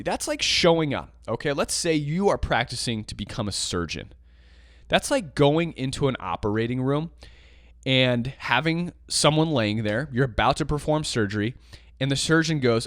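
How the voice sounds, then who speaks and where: A man's voice: medium pitch, sing-song, moderate pace, a bit bright, dry recording, clean studio sound. A man hosting a podcast, talking about teaching jazz piano in an emphatic, impassioned monologue that circles back and repeats itself. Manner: passionate, emphatic, ranting with repetitions.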